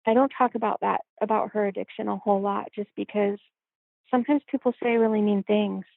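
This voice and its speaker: A woman guest telling a personal story in a reflective way, filling pauses with "you know". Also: mid-range voice, steady tone, gravelly, no echo. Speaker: podcast guest. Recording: tinny phone-like line.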